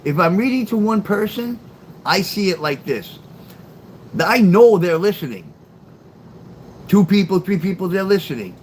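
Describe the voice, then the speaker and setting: A middle-aged live streamer rambles through a late-night stream, answering viewers by name and talking back to chat with free, sarcastic profanity. His high-pitched voice is unhurried with frequent pauses, on a low-quality recording with steady background noise.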